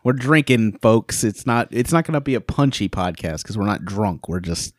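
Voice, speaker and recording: A man's voice: lowish voice, normal speed, no room sound, studio quality. A man co-hosting a podcast in casual chat, joking and laughing often. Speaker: podcast co-host.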